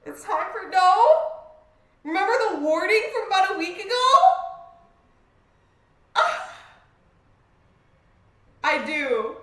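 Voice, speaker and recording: A woman streamer reacting live to a story game, excitable, yelping and laughing, sometimes reading story text aloud. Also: extremely high pitch, takes it slowly, pauses often, roomy sound.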